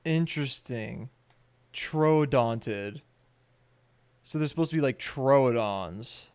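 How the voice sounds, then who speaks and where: A man's voice: medium pitch, takes it slowly, darkish tone, smooth, no room sound. A man chiming in with blunt, sometimes profane remarks during a casual reaction stream. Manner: blunt interjections, swears.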